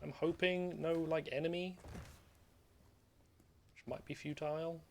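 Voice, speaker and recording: A man's voice: fairly high pitch, little pitch movement, measured pace, gravelly, slight background noise. A man streaming gameplay, rambling and joking casually as he plays, swearing freely. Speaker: streamer playing a video game. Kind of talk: casual live gameplay commentary.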